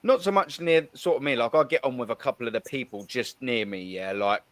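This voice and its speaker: A man hosting a call-in chat, animated and blunt, swearing freely as he tells stories from the stands. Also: mid-range voice, brisk, no room sound. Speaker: host. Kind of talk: casual chat.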